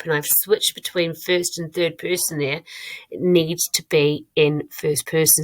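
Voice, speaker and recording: A woman primary school teacher giving a recorded lesson. She speaks clearly and encouragingly to her pupils and thinks aloud as she checks her own writing. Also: low voice, steady tone, moderate pace.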